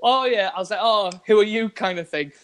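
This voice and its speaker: Chatty host, high voice. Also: male voice, brisk, a bit bright, clean tone. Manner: chatty, laughs often while telling anecdotes. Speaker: podcast host. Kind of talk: casual podcast chat.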